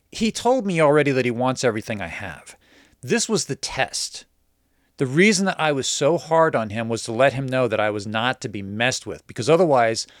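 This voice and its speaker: A man casually telling a personal story in a lively way, mimicking the people he quotes. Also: medium pitch, dry recording, clean studio sound. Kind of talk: casual anecdote.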